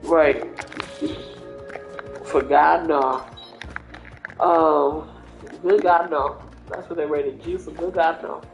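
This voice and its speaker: A woman's voice: low voice, steady tone, slow, vocal fry, pauses often, muffled recording. A young woman chatting casually as a livestreamer, rambling through stories with lots of fillers. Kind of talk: casual chat. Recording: roomy echo with faint music.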